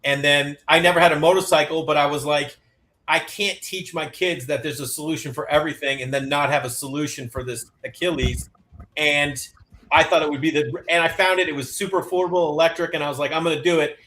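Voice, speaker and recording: A divorced dad chatting casually on a podcast, telling lively stories and acting out the voices of the people in them. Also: male voice, on the high side, fast talker. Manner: animated storyteller, acts out quotes, swears freely.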